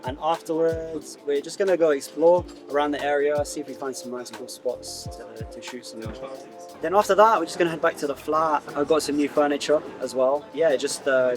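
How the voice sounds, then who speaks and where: A man's voice: a little high, fairly even intonation, normal speed. A young man chatting loosely about his day in a coffee shop, filling his talk with "like" and "you know". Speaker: content creator. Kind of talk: casual vlog chat. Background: background music.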